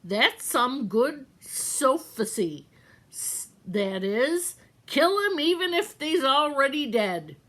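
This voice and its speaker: A woman voicing a slow-witted, half-deaf kitchen maid in a read-aloud storybook, drawling her words slowly and simply. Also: high voice, big pitch swings, fairly bright tone, pitched above the performer's own voice, full character voice.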